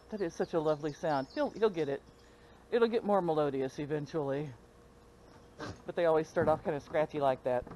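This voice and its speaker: A woman's voice: low-pitched, moderate pace, pauses often, a little mellow, muffled recording. An older woman chatting casually in a vlog, recorded outdoors on a farm with a handheld camera. She talks in a chatty way and coos and baby-talks to her animals. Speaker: vlogger on a small farm. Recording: outdoor noise, animals and passing cars.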